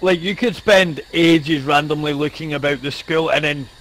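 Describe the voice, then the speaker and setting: A man with a fairly high voice thinks aloud during a game. He hedges and muses in casual chat with friends. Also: steady tone, moderate pace, fairly bright tone, poor audio. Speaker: friend on stream.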